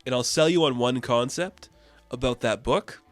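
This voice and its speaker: Chatty, excited comic reviewer man. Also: mid-range voice, normal speed, no room sound, soft background music. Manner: enthusiastic, chatty recaps with quoted voices. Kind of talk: casual video review.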